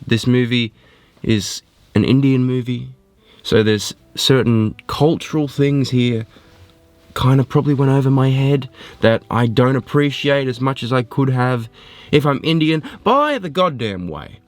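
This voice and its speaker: A man giving a casual spoken film review, animated and rambling, often poking fun at himself. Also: mid-range voice, unhurried. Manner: animated, rambling, self-mocking.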